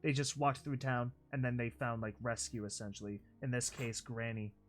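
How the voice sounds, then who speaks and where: A narrator reading a slideshow story aloud and reacting to it, excitable and yelling in disbelief with mild swearing. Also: mid-range voice, moderate pace, faint music behind.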